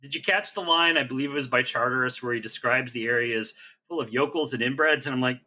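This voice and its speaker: A man's voice: mid-range voice, fast talker. A man co-hosting a TV recap podcast, talking in a rambling, joking, casual way. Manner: animated, rambling, joking asides. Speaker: podcast co-host.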